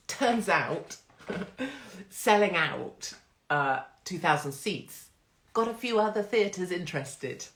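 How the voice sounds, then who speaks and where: A woman hosting a casual live stream, brash and jokey, swearing freely and laughing often, from England. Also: deep voice. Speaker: host. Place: home, live phone stream. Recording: roomy echo.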